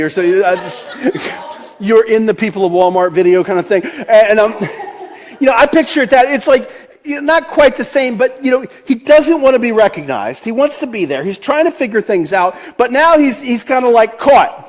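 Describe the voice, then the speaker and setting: Chatty high-voiced man preaching. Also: expressive, moderate pace. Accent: Delaware. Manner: chatty, laughs often, many restarts and fillers. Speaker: pastor. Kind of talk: conversational sermon.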